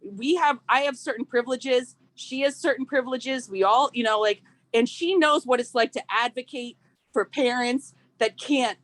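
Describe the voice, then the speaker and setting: A high-pitched woman speaks up at a public meeting, furious and emphatic, leaning on "like" over and over. She is in her thirties and is heard close and dry. Her tone is impassioned rather than formal. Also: normal speed, no echo. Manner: outraged, repetitive "like", emphatic.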